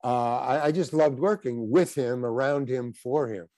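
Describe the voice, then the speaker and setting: A man's voice: mid-range voice, mellow, dry recording. An older man, a guest actor, telling rambling stories in a casual interview, often breaking off and restarting his sentences. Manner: rambling anecdotes with halting restarts.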